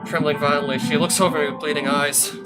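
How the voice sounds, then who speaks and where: A man reading a visual novel aloud as a let's play host, breaking off for sardonic asides with swearing, with soft guitar music behind him. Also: a little high, fairly even intonation, quick pace.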